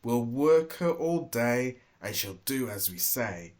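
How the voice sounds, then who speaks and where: A man's voice: medium pitch, animated, takes it slowly, a little mellow. Storybook thief voiced by a man: greedy, muttering, gleeful, jeering. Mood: scheming. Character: pair of scheming greedy male robbers.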